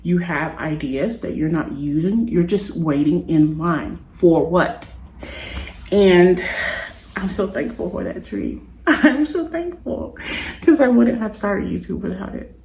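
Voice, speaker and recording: A woman's voice: on the low side, takes it slowly, vocal fry, a little mellow, slight background noise. A woman vlogger telling a personal story to camera in an earnest, confiding, meandering way. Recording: echoey room.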